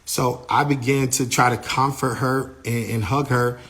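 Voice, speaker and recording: A man telling a story in the first person in a casual way, animated, acting out what others said and using lots of "like" fillers. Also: medium pitch, measured pace.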